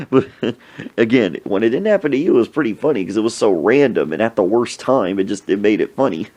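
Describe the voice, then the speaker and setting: A man hosting a podcast, telling funny anecdotes in a casual, animated way and acting out the people in them. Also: on the low side, a little fast. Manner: animated anecdote telling with acted-out sneezes and voices. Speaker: podcast host. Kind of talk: casual storytelling.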